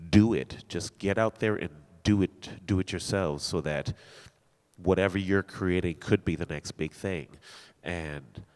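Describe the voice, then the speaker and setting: Male actor, very low voice, earnest and encouraging panel speaker; live hall echo. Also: a little slow. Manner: earnest, encouraging, restarts phrases. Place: theater hall at a live talk. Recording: long reverb of a hall.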